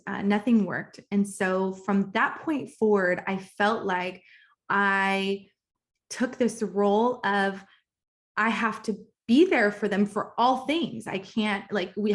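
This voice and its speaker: A woman in her thirties, a business coach, tells her personal story in a casual, candid way in a recorded course module, sometimes getting emotional and emphatic. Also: mid-range voice. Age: 30s. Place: at home, kitchen nearby.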